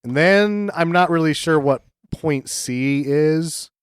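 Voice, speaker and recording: A man's voice: a little high, takes it slowly, clear, resonant tone, no room sound, studio quality. A man co-hosting a podcast, arguing about plot holes in an amused, casual way. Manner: picks apart the plot, argumentative and amused. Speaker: podcast co-host. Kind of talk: casual chat riffing on a bad movie.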